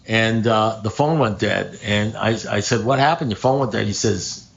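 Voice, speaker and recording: Older man telling a lively recovery story. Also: fairly low pitch, normal speed, creaky, highs cut off. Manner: animated storyteller, acts out phone calls, swears, laughs at his own punchlines. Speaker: AA speaker. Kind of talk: storytelling share at a recovery meeting. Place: meeting room.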